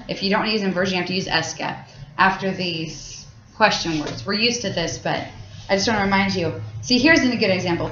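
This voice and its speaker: A woman's voice: mid-range voice, brisk, a bit bright. Woman teacher, casual and rambling, echoey lo-fi classroom recording. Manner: casual, explains with many fillers and restarts. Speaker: French teacher. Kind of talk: classroom lesson. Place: high school classroom. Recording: echoey classroom, dull lo-fi sound.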